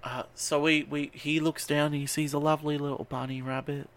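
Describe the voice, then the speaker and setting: A man on a podcast recapping a movie in casual chat, animated and swearing freely with rambling asides. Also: on the high side, fairly quick. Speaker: podcast co-host recapping a film.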